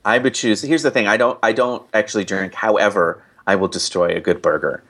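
A man chatting as a guest, telling a story in a lively way and acting out the people he quotes. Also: lowish voice, a little fast. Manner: animated storyteller, acts out quoted voices. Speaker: guest, online reviewer. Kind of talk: casual conversation.

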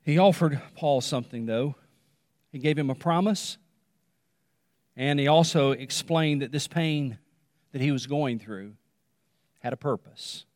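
A male pastor preaching a sermon, repeating phrases for emphasis and dropping to a hush on key words. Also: mid-range voice, dry recording, studio quality, in a large hall. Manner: dramatic pauses, repetition, drops to a hush on key words.

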